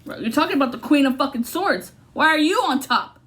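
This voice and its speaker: A woman giving a casual, profane tarot reading, swinging between loud outbursts and low muttering. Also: lively intonation, brisk. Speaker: tarot reader.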